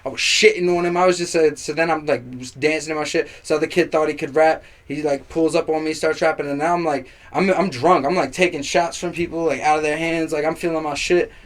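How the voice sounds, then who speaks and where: A young man telling a long, animated story in casual chat, swearing freely and acting out what people said. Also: on the high side, fairly quick, few pauses. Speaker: guest.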